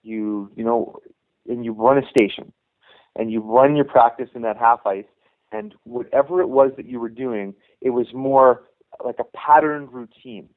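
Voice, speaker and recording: A middle-aged youth hockey coach, a guest in a casual storytelling interview over a phone line, rambles through anecdotes and acts out quoted dialogue. His voice is medium-pitched, fairly even in intonation, at a moderate pace.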